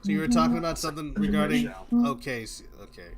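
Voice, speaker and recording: A man's voice: fairly high pitch, big pitch swings, fast, music in the background. A young man hosting a live stream, chatting casually with friends and viewers in a playful, joking way. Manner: playful, joking, breaks into song. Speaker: streamer host.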